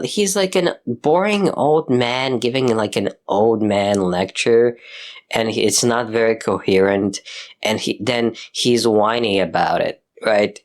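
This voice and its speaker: A man's voice: fairly low pitch, measured pace. A young man ranting casually about films, exasperated and full of swearing and fillers. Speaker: commentator. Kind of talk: casual rant.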